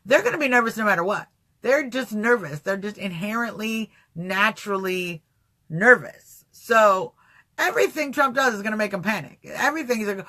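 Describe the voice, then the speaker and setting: Man, livestream host, high voice, bright tone, rambling, animated, chatty. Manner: rambling, animated, answers chat comments. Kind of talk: casual political livestream talk.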